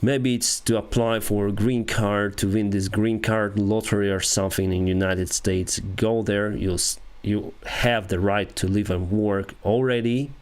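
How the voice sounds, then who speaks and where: A man in his thirties with a Ukrainian accent, an airline pilot chatting casually with viewers on a live stream in halting English. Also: on the low side, fairly even intonation, smooth. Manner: halting non-native English with restarts and soft laughs.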